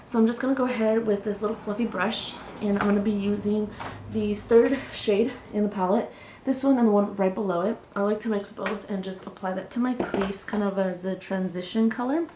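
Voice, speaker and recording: A young woman with a cold, chatting casually and rambling as she does her makeup on camera. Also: mid-range voice. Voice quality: chatty, rambling, filler-heavy. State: sick, slightly congested. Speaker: beauty vlogger. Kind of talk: casual get-ready-with-me chat. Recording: echoey room with faint noise.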